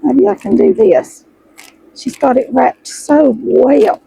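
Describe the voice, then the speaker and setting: A middle-aged woman, chatting excitedly to her viewers as she unboxes fabric, her voice hoarse and froggy. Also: sits high, slow, slight background noise, low-quality recording. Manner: chatty, gushing, addresses viewers as y'all. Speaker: sewing vlogger host. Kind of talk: casual chat while unboxing fabric.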